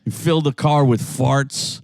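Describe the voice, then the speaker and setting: A man's voice: medium pitch, slow, no echo, clean studio sound. An older man with a Brooklyn New York accent, co-hosting a crude, rambling podcast chat from a car. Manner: profane, rambling, animated. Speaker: podcast co-host. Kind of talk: crude casual banter. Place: inside a car.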